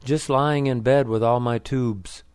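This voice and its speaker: A man's voice: medium pitch, steady tone, unhurried, darkish tone, clear, resonant tone, dry recording, lightly acted. A man reading the lines of a frail, breathless old father in a hospital bed, with short, weary answers.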